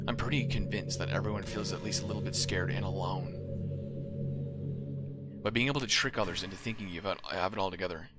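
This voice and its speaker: Lovesick teenage club president, read by a man in a low voice over loud music. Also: natural voice. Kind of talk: reading game dialogue aloud.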